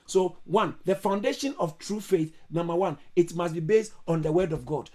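A male pastor preaching a sermon to an online church service, emphatic, repeating his phrases and breaking into sudden high exclamations. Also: animated, moderate pace, darkish tone. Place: online church service over video call.

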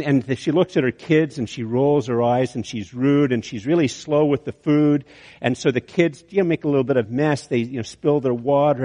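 A man's voice: fairly high pitch, darkish tone. A man preaching a sermon, telling an illustration story with many restarts. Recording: long hall reverb.

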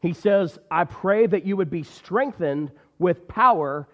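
A man's voice: high-pitched, lively intonation, measured pace. A man preaching a sermon in a church, with an emphatic, repetitive cadence. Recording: dull recording with long hall reverb.

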